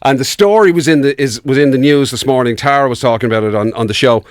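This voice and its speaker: A man's voice: medium pitch, quick pace, no echo, studio quality. An Irish man co-hosting a casual podcast, teasing his partner and laughing often. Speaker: radio co-host.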